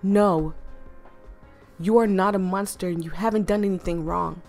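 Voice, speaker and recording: A woman voicing a possessive, protective young man in a story game, reading him in a firm, measured way. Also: on the low side, steady tone, darkish tone, faint music behind, natural voice.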